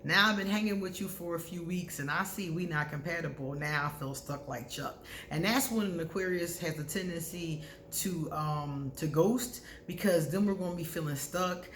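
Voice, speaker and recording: A woman's voice: lowish voice, normal speed, hardly any pauses, a little hiss or hum. Candid woman giving casual advice, echoey room. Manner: candid, conversational, bursts of loud laughter. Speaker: astrology advice vlogger. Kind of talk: casual advice talk to camera.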